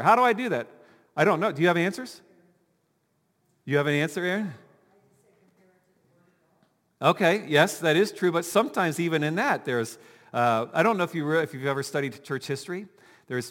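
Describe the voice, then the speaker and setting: A man preaching a sermon as pastor, animated and full of rhetorical questions, talking with his congregation. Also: on the high side, in a large hall. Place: church sanctuary.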